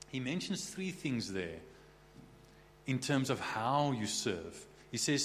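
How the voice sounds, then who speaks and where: A man's voice: medium pitch, big pitch swings, takes it slowly, long pauses. A man preaching a sermon in a conversational way, often restarting words and checking in with the listeners. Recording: echoey hall with faint hum.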